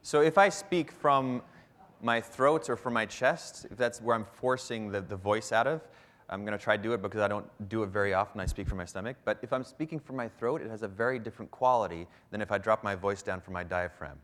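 In front of a live crowd, a Canadian man leads a workshop on public speaking with a quick pace and a slightly low voice. He coaches energetically, pausing at times to give demonstrations.

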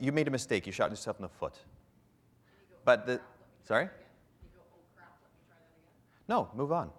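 A man's voice: mid-range voice, fairly bright tone. Man coaching a live audience. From Canada. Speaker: public speaking instructor. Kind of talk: live workshop lecture.

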